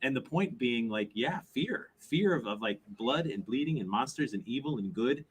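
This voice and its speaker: A man's voice: medium pitch, normal speed, slight background noise. A man co-hosting a live podcast, explaining ideas animatedly with many "like"s and tag questions. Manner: animated explaining, repeated "like" and "right?". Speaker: podcast co-host.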